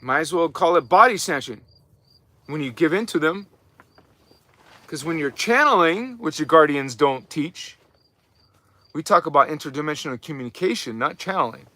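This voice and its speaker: A man's voice: a little high, lively intonation, normal speed, long pauses, pushed and bright, no room sound. A man giving a live spiritual teaching talk as the channel's host, emphatic and preachy, with mocking asides and frequent repetitions.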